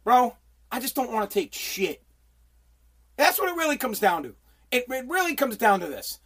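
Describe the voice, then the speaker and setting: A man's voice: very high-pitched, sing-song, normal speed, fairly bright tone. A man, a radio personality, venting in a profane, exasperated ranting monologue, circling back and repeating himself.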